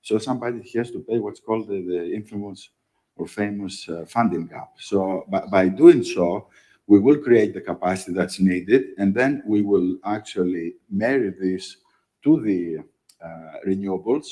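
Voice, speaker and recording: A man, a company executive answering in a panel interview, talking haltingly with many fillers and emphatic "okay?" tags. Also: sits low, dark tone, low-quality recording. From Greece.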